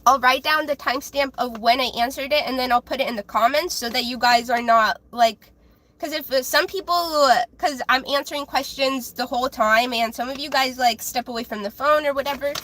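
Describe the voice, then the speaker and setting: A woman with a high, childlike voice reads tarot on a live stream. She talks in loose, casual chat that is full of fillers and restarts. Her tone stays bright and sharp throughout. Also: fairly quick, a little hiss or hum, rough recording.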